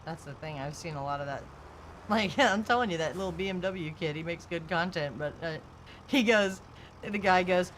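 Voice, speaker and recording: A woman's voice: lowish voice, lively intonation, normal speed, a little hiss or hum. A woman streamer chatting casually, telling car stories and laughing often. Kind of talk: casual chat.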